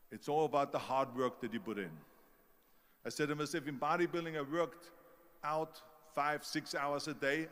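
A man's voice: a little high, fairly bright tone, big-room sound. An older man with a German-speaking Austrian accent, giving an emphatic motivational speech with stories. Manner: storytelling, emphatic, mimics doubters.

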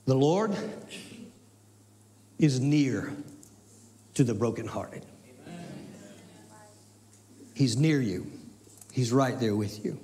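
A pastor, preaching with emphatic repetition and folksy asides, sometimes dropping to a soft, near-whispered delivery. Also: male voice, medium pitch, lively intonation, slow, pauses often. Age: 60s. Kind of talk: sermon.

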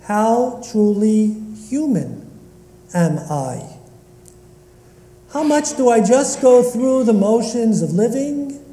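A man giving a sermon as rabbi in a synagogue, asking slow, reflective rhetorical questions. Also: extremely high pitch, very animated, dark tone. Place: synagogue sanctuary. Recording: echoey long reverb of a large hall.

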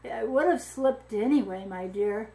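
A woman voicing a calm, firm mother in a read-aloud story. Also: fairly high pitch, a little slow, low-quality recording. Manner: firm, steady. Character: firm, calm mother, wife of a witch doctor.

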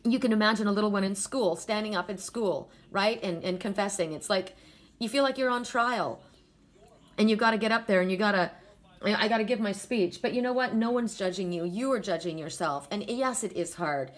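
A woman's voice: mid-range voice, fairly quick. Chatty woman giving a spiritual card reading. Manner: chatty, laughs easily, talks straight to the viewer. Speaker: oracle card reader.

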